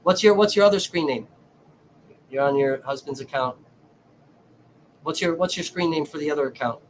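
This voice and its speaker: A man's voice: on the high side, moderate pace, a little hiss or hum. A man livestreaming, rambling casually and profanely to his chat viewers, saying he feels hot and dehydrated.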